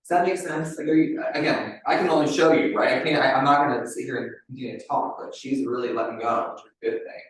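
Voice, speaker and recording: A man's voice: medium pitch, fast, few pauses. Man, wellness coach, live group demonstration, casual chatty delivery, very echoey room, mic far away. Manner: chatty, ends many phrases with "right?".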